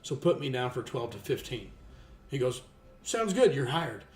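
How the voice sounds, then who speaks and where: A man in his thirties telling a long, rambling story in casual chat, restarting often and getting lively when he quotes people. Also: mid-range voice, moderate pace, a little hiss or hum. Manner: rambling with many restarts, animated when quoting others. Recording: echoey room with faint music.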